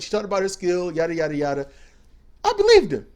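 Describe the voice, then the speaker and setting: A man's voice: sits high, big pitch swings, quick pace. A man giving blunt, preachy casual commentary as a show co-host, swearing freely as he talks.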